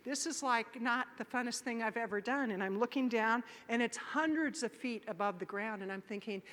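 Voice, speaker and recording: Woman keynote speaker, bright and forceful tone, animated storytelling, conference hall with long reverb. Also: a little high, normal speed. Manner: animated, acts out voices and shouts in her stories.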